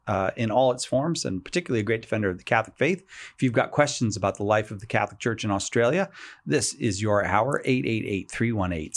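A man hosting a live call-in radio show. His voice sits a little low, and he talks in a loose, joking way, pausing often on "uh" between phrases. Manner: hesitant, many uh fillers, joking.

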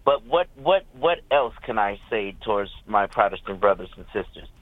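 A male caller, native Hebrew speaker, asking a question on a radio show in a hesitant, halting way. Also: on the low side, expressive, a little hiss or hum. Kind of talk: phone-in question. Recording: tinny phone line.

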